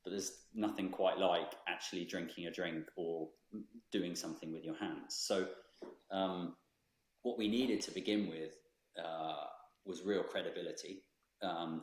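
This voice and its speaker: Low-voiced guy, founder on a podcast, slow and thoughtful, roomy echo. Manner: thoughtful, measured, many ums. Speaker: brand founder, guest. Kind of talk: podcast interview.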